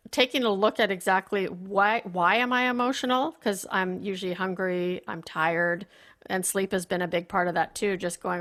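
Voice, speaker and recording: A woman guest on a podcast, talking candidly and telling her story in an animated, casual way. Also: medium pitch, moderate pace. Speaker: podcast guest, performance consultant.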